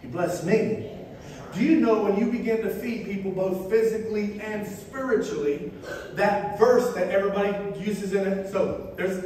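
A man from Florida preaches a sermon in a church, with a fairly high voice. He tells stories in a loose, conversational way with touches of humor. The sound is heavily echoey and comes from some distance off the mic. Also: darkish tone. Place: church sanctuary. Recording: echoey hall, voice far from mic, faint noise.

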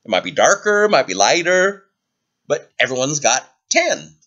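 A man teaching circle time to preschoolers over a computer camera, talking in a gentle, playful way to small children. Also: a little high, sing-song, moderate pace, lo-fi sound. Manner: gentle, playful, sing-song talk to small kids. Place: indoors, away from the classroom. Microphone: computer webcam.

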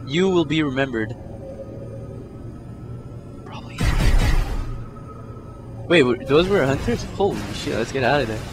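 A young man doing let's play commentary, swearing a lot and swinging from low mutters to panicked yelps. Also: animated, a little slow, pauses often. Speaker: gameplay commentator. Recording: game music under the voice. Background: game music.

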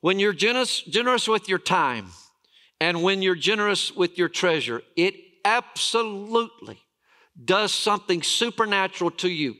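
Bright-voiced man preaching. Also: high voice, expressive. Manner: storytelling preacher, dramatic pauses and emphatic repetition. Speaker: lead pastor. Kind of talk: sermon.

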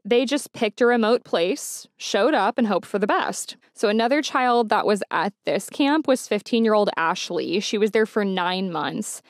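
A woman's voice: medium pitch, lively intonation, normal speed, hardly any pauses, no room sound, clean studio sound. A woman hosting a podcast, recapping a documentary in a chatty, storytelling way with indignant asides. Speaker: podcast host. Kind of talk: casual true-crime recap.

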